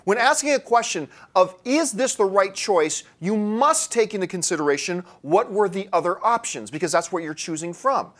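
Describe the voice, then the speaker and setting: A man's voice: high-pitched, lively intonation, moderate pace, hardly any pauses, a bit bright. A man arguing a mock courtroom case in a debate, theatrical and mocking, full of passion.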